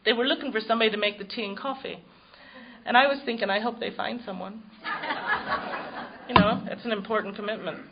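Woman, recovery meeting speaker, wry self-mocking storyteller, personal testimony, dull muffled recording. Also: mid-range voice.

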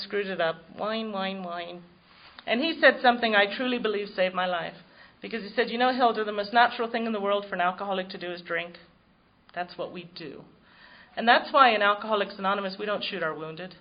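Woman, recovery meeting speaker, wry self-mocking storyteller, personal testimony, dull muffled recording. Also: medium pitch.

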